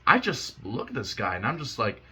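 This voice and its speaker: A man's voice: medium pitch, big pitch swings, fairly quick, pushed and bright, husky. A young man in a casual, profane, heated rant, rambling with restarts. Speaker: YouTuber ranting.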